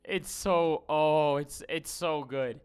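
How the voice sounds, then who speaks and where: A man's voice: a little high, slow pace, smooth, faint music behind. A man doing casual live-stream commentary as he reacts to videos, blunt and incredulous, rambling with fillers.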